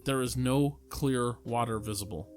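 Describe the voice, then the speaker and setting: A man co-hosting a casual podcast, blunt and opinionated, quick to laugh. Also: medium pitch, soft background music. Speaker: podcast co-host. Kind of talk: casual chat.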